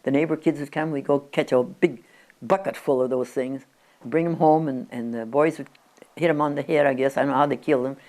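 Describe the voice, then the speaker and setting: A woman's voice: extremely low pitch, a little fast, dark tone. A woman in her nineties, interviewed at her country home, reminiscing in a chatty, rambling way with frequent restarts. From Oregon, USA. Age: 90s.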